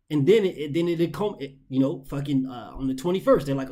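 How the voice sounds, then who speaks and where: A man's voice: on the high side, fast talker, hardly any pauses, mellow. A man hosting a boxing commentary show, ranting in an exasperated, profane way and hammering points through repetition.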